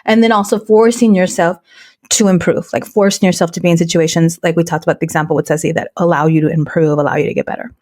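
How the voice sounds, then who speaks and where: A woman's voice: on the low side, steady tone, quick pace, darkish tone. A woman co-hosting a podcast, chatting casually and telling stories animatedly, with Spanish words dropped in. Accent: Latina American English with Spanish words. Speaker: podcast co-host.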